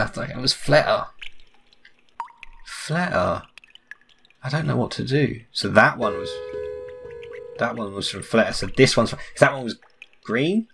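A man's voice: fairly low pitch, creaky, fairly bright tone, slight background noise. A young man doing let's play commentary on a game, asking puzzled running questions and reading the characters' lines aloud. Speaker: gaming YouTuber.

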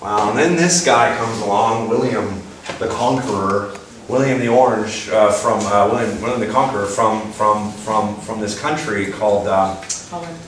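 A man giving a playful, lively lecture to an audience, asking them questions and putting on voices. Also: on the low side, normal speed. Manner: animated, playful, puts on voices and asks the crowd questions. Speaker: speaker giving a talk. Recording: echoey room from far off with faint noise.

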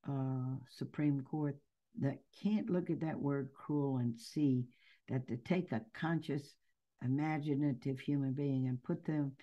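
In a rumbling low voice with the highs cut off, a nun active against the death penalty responds to an interviewer. Her answers are earnest, emphatic, and built around stories.

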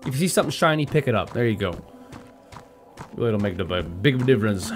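A young man giving excitable, swearing let's-play commentary while playing a horror game. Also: mid-range voice, quick pace, vocal fry, soft background music. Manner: hyper, swearing, joking, talking to the game. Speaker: gaming video host.

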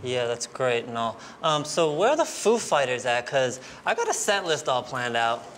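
An actor playing an impatient drummer who talks in a flat, offhand, unimpressed way. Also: male voice, mid-range voice, normal speed, music in the background, lightly acted.

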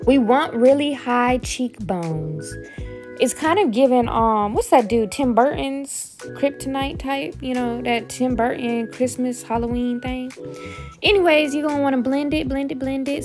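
A woman's voice: high voice, moderate pace, over music. A young woman narrating a makeup tutorial in a goofy, self-mocking, chatty way. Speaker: beauty vlogger. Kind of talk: casual voice-over tutorial.

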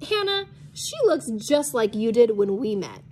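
A woman's voice: fairly high pitch, sing-song, measured pace, darkish tone, a little hiss or hum. A woman reading aloud, voicing a cheerful, effusive grown woman who gushes over a family friend's daughter. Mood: gushing.

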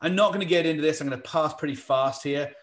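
A man with an English accent giving a fast-paced workshop talk on hiring, with quick joking asides. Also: fairly high pitch. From England. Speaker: workshop presenter. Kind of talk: live virtual workshop talk.

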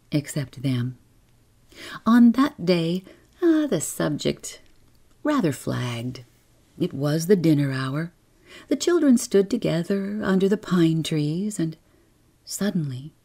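A woman narrating a bedtime story in a soft, slow, often whispered manner, with a husky, creaky voice. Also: low voice.

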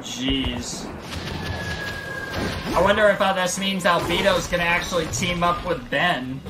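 A man's voice: high-pitched, brisk, over loud music. A man hosting a reaction video, talking casually with laid-back muttered asides.

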